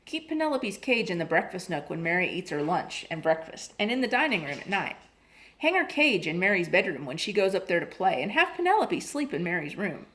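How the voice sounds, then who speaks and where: A woman voicing a kindly older woman who calmly reassures a worried mother in a storybook reading. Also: fairly low pitch, brisk. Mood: reassuring. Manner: reassuring, matter-of-fact.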